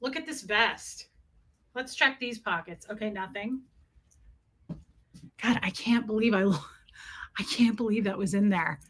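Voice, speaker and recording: A woman in her thirties chatting casually as a vlogger, self-mocking and prone to loud dramatic outbursts. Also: medium pitch, unhurried, long pauses. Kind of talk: casual chat.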